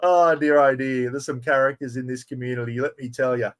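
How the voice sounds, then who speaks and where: A middle-aged Australian man hosting a live giveaway stream, chatty and excitable, full of blokey slang. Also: mid-range voice, a little fast. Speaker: livestream host.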